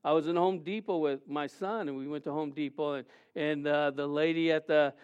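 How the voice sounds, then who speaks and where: A man preaching a sermon, animated and conversational, often acting out quotes in a raised voice. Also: on the high side, moderate pace, smooth. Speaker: pastor. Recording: dull lo-fi sound.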